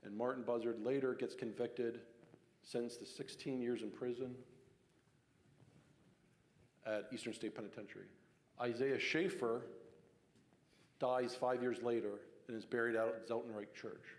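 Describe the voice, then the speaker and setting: A man's voice: mid-range voice, fairly even intonation, a little slow, long pauses. A man from giving a casual public talk on local history, telling the story conversationally with fillers and restarts. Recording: long hall reverb.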